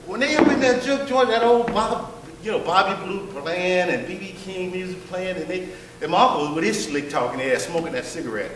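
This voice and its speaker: A man's voice: high-pitched, brisk, hardly any pauses, fairly bright tone, slight background noise. A man performing a profane stand-up set in a comedy workshop, with brash, blunt storytelling. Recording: echoey room, distant mic.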